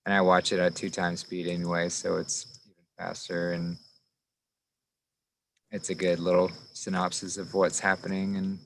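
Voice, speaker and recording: A man with a very deep voice chatting casually and easily, using plenty of fillers. He is outdoors in a forest. Faint crickets and insects sound behind him. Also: monotone, moderate pace, creaky, long pauses, slight background noise, rough recording. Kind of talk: casual chat.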